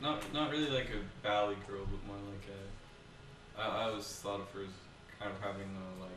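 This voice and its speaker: A man's voice: fairly low pitch, fairly even intonation, moderate pace. A man co-hosting a let's play, giving casual, joking commentary that rambles and breaks into laughter, recorded from a distance in a very echoey room.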